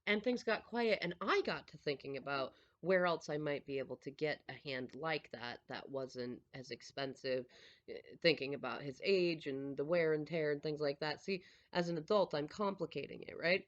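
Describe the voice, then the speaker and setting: A mother chatting casually as she tells a family story, animated and laughing often. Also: low-pitched, moderate pace, dull audio.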